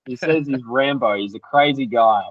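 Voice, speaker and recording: A young Australian man, an athlete guest, telling race stories in an animated, slangy way and acting out what others said. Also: mid-range voice, normal speed, no room sound. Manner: animated, acts out quotes, loose and slangy. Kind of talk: casual storytelling interview. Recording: dry, slightly dull podcast audio.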